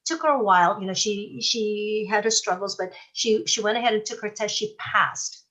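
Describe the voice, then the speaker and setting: A woman's voice: medium pitch, moderate pace, a bit bright. A middle-aged woman real estate trainer, teaching a live class in a chatty, folksy way with stories from her work. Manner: conversational, folksy, tells anecdotes.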